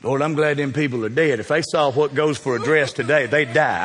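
A man's voice: medium pitch, brisk, hardly any pauses, fairly bright tone, long reverb tail, a little hiss or hum. A man preaching a sermon in a church sanctuary, folksy and dramatic, talking straight to the congregation.

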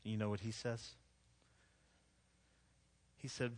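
Conversational pastor preaching in an echoing hall. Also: male voice, lowish voice, little pitch movement, unhurried, long pauses. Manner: conversational, self-deprecating storytelling with frequent restarts. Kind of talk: sermon. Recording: long echo of a large hall.

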